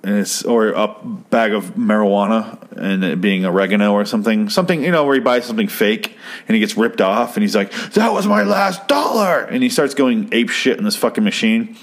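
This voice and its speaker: A young man recapping a TV episode in a casual, rambling, profane commentary, getting excited as he goes. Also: fairly low pitch, a little fast. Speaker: show host.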